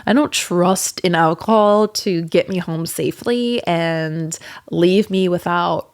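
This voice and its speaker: A woman's voice: on the low side, slow pace, clean tone. A young woman hosting a podcast, telling a candid, rambling story in casual chat with plenty of swearing and fillers. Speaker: podcast host.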